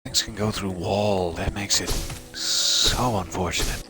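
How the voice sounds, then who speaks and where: A young man talks over a game in a low, unhurried voice, joking and theatrical. Soft game music runs underneath. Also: fairly even intonation. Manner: playful, theatrical, self-mocking. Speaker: game streamer. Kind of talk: casual game commentary.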